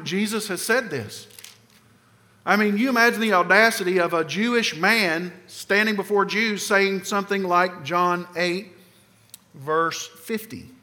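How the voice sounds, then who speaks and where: A man preaching a sermon with emphasis, putting questions to the congregation and swinging between loud and soft passages. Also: high-pitched. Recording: long hall reverb.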